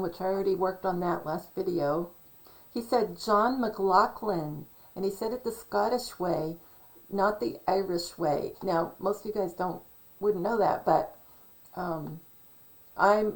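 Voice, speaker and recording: A woman's voice: mid-range voice, rough recording. Chatty woman rambling on her channel. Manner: chatty, self-correcting, digressive. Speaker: channel host. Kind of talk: casual rambling monologue.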